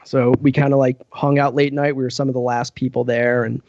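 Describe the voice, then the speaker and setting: A man's voice: medium pitch, flat delivery, fairly quick, darkish tone, no echo, lo-fi sound. A man from Western Massachusetts, a podcast guest, telling a rambling casual story full of "like" and "you know".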